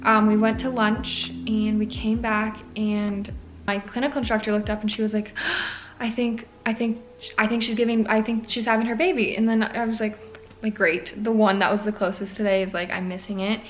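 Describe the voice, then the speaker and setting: A woman's voice: fairly high pitch, flat delivery, brisk, a little hiss or hum. A young woman, a nursing student, tells a story in a casual vlog, chatty and heavy on fillers, her voice cracking with emotion.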